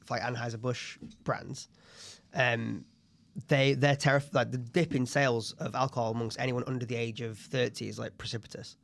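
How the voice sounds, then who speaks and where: A man's voice: mid-range voice, fairly even intonation, normal speed, creaky, fairly bright tone. A man in his thirties co-hosting a podcast, chatting casually and telling anecdotes. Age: 30s. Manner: chatty, tells anecdotes, puts on voices in quotes. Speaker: podcast co-host. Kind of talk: casual chat.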